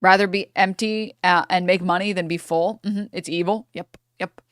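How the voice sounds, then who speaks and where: A woman's voice: lowish voice, steady tone, normal speed, a bit bright, no room sound, clean studio sound. A young woman streamer ranting angrily in a profane reaction commentary, breaking into laughter between outbursts.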